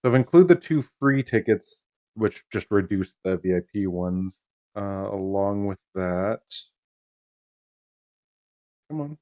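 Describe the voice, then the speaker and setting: A laid-back man from Canada chats on a podcast, easygoing and quick to laugh. His voice sits fairly low, recorded dry and close with no room sound. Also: dry recording. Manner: relaxed, laughs along, trailing fillers. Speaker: podcast co-host. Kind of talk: casual chat.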